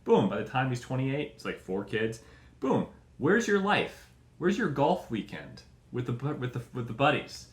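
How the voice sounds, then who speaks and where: A man riffing through a crude comedy rant, swearing freely and slipping into mock voices. His pitch swings widely as he talks. The recording is echoey and roomy. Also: moderate pace. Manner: profane, animated, mock voices. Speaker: show host. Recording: echoey room.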